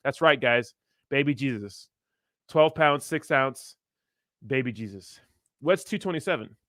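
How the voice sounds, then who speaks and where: A man's voice: medium pitch, animated, unhurried, a bit bright, no room sound, studio quality. A young man hosting a crypto livestream in casual, rambling, profane chat, reading viewer messages aloud.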